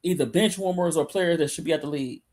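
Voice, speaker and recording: With a deep, mellow voice, a fast-talking woman from Michigan rambles through a casual sports podcast she co-hosts, often restarting. She's speaking from a computer, away from her microphone, on a remote call.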